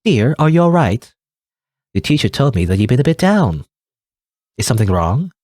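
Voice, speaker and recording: A man voicing a gentle, worried mother who speaks softly and with concern. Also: mid-range voice, big pitch swings, moderate pace, dry recording, clean studio sound. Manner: soft and concerned.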